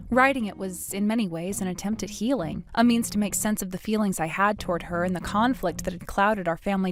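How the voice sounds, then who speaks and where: A woman telling her own story in the first person, cold and cutting toward others, calm when narrating. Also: medium pitch.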